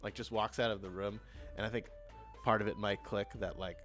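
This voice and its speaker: A man narrating a tabletop game as game master, in an animated way with lots of fillers. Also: fairly low pitch, brisk, faint music behind. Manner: animated, laughing, filler-heavy.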